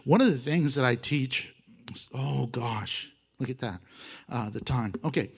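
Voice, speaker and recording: A man teaching a Bible lesson in a casual, animated way, often laughing and acting out quoted apologies. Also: mid-range voice, unhurried, vocal fry, breathy edge.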